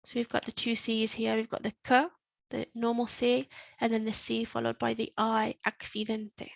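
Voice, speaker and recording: A woman teaching a Spanish lesson, explaining patiently step by step and repeating words slowly. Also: on the high side, monotone, vocal fry, dry recording. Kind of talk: online language lesson. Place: in Spain.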